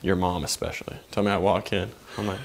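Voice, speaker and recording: A man's voice: low voice, flat delivery, quick pace, vocal fry, a little hiss or hum. A brash young man vlogging and joking around in public, swearing casually as he talks. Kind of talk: casual vlog chat.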